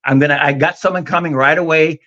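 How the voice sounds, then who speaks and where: A man's voice: on the high side, steady tone, quick pace, pushed and bright, dull audio. A middle-aged man, telling a long story in a folksy, drawling way on a casual talk show. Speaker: guest on a vinyl community live show.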